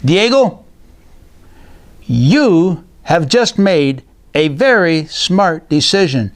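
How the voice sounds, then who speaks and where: Guy doing a friendly storybook seller, slow and reassuring, kinda high-ish. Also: expressive, heavily acted. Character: friendly grown man selling a house, calm.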